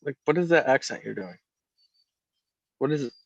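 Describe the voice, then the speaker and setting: A man's voice: mid-range voice, animated, moderate pace, vocal fry, no echo, muffled recording. A man co-hosting a casual podcast, teasing his partner, laughing often and repeating himself. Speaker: podcast co-host. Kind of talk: casual chat.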